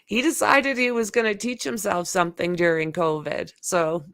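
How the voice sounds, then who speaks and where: A woman's voice: lowish voice, moderate pace, no echo, clean studio sound. A middle-aged woman hosting a casual livestream chat, telling stories with lots of exclamations. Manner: animated storyteller, exclaims often. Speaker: host.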